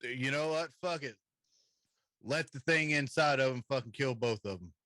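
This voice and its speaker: A man playing a tabletop game, talking bluntly and gruffly with plenty of swearing. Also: medium pitch, normal speed, pushed and bright, no echo. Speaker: player.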